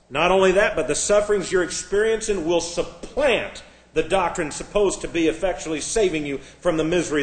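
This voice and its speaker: A man's voice: fairly high pitch, reverberant. A man preaching a sermon from a pulpit, fervent and emphatic, often restarting and repeating words. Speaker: pastor. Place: church, at a pulpit.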